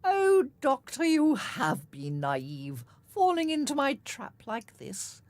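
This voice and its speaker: A woman voicing a smug, scheming male army colonel who gloats slowly over his trap, in an audio drama reading. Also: high voice, wildly swooping pitch, darkish tone, no echo, full character voice. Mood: gloating. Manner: gloating, drawn-out.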